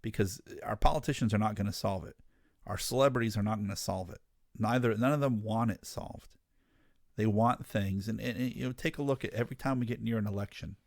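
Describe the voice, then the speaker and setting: A man's voice: fairly low pitch, a little fast, creaky, no echo, clean studio sound. A man hosting a ministry talk show, giving an earnest, emphatic monologue straight to his listeners. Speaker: ministry podcast host. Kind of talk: impassioned monologue.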